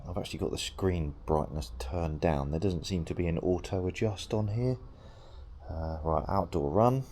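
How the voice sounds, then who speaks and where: Out on a run, a tech reviewer talks straight to his action camera in a low, mellow voice at normal speed, sometimes a little out of breath. It's a chatty, casual vlog, with wind and outdoor noise in the recording.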